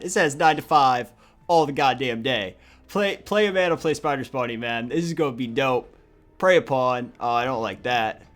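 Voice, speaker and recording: Excitable, foul-mouthed gaming commentator. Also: male voice, medium pitch, normal speed. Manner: crude, excitable, joking, swings from mutter to shouting. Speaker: gaming YouTuber. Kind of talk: profane gameplay commentary.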